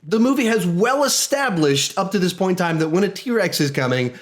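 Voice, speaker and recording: A man giving a casual spoken movie review, enthusiastic and animated, often restarting his sentences and acting out quotes. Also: sits high, brisk.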